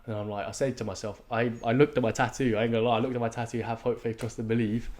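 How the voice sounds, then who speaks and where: A young man, telling a race story in casual podcast chat, swearing freely and acting out his own shouts. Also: mid-range voice, little pitch movement, very fast, crowd noise. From England. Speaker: podcast co-host. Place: podcast studio.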